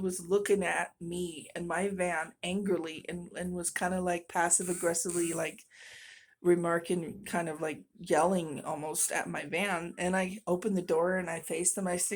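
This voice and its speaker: A woman's voice: lowish voice, steady tone, moderate pace, darkish tone. A middle-aged woman telling a story in a casual vlog, exasperated and venting, breaking into nervous laughs. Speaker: vlogger.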